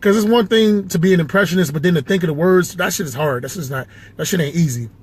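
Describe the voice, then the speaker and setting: A man's voice: high-pitched, quick pace, slightly rough. A man chatting loosely and swearing as he tries out impressions, talking to himself inside a car. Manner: rambling, self-talking, swears often. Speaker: amateur impressionist. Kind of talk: casual impressions vlog.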